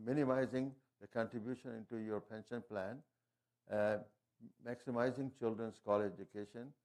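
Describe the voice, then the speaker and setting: Here a man whose voice is medium in pitch and a little mellow presents on wills and estate planning, working through his slides. The talk is informal and halting, with frequent fillers, false starts, and non-native phrasing.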